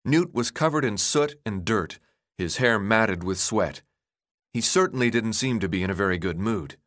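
A man narrating an audiobook in an expressive, energetic reading. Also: on the low side, normal speed, dry recording, studio quality.

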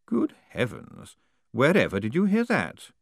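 A man plays a suave ruler in an audiobook, speaking calmly and with quiet threat. His delivery swings widely, and the sound is close and dry. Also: mid-range voice, vocal fry, no echo, pitched above the performer's own voice, exaggerated voice. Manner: measured, unhurried. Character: cool, dry male ruler, politely menacing.

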